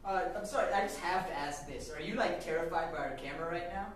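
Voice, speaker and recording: A man's voice: on the high side, fast talker, fairly bright tone. A man in live improv comedy, talking casually and rambling as an interviewer, heard far off in a very echoey room with noise. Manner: casual, rambling, filler-heavy.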